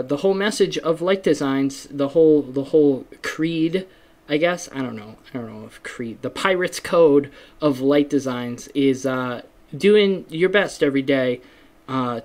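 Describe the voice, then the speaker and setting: A man hosting a solo podcast in a rambling, self-deprecating casual chat, with many fillers and restarts. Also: mid-range voice. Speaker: podcast host.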